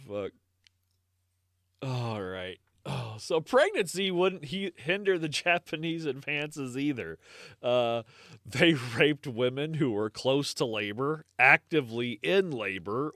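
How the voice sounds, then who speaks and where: A man's voice: mid-range voice, animated, slow pace, fairly bright tone, dry recording, studio quality. Sombre man co-hosting a history podcast. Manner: sombre, apologetic reading of grim history. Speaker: podcast co-host. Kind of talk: casual true-crime podcast chat.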